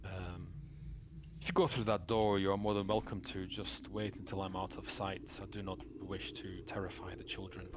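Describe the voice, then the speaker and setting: Man doing a sad aloof temple keeper, low voice, quiet halting delivery, tabletop role-play. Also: little pitch movement, background noise, natural voice. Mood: solemn.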